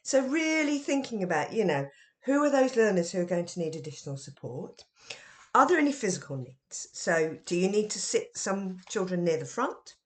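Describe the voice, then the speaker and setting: Lively woman explaining classroom management. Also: mid-range voice, normal speed. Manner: lively and expressive, with emphatic questions. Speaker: teacher trainer and author. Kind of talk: educational podcast talk.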